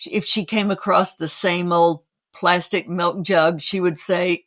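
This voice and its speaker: An older woman, a podcast guest, answers in a relaxed, unhurried way. Her voice is slightly low and her pace very slow, with small pauses as she recalls things. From Cape Cod, United States. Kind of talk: casual interview answers.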